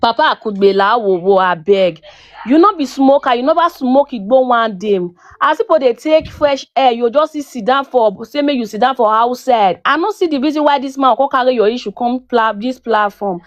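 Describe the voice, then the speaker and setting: A Nigerian woman, a guest on a live stream, pleads in Pidgin and apologizes over and over. Her voice sits a little high, and she begs others not to be angry. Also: normal speed, no room sound. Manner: pleading, repeats "abeg, no vex".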